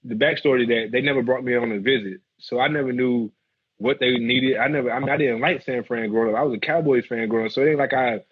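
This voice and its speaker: A man, a former football player telling animated stories in an interview. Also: mid-range voice, fast, slightly rough. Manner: animated storyteller acting out quotes. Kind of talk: storytelling interview. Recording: muffled lo-fi audio.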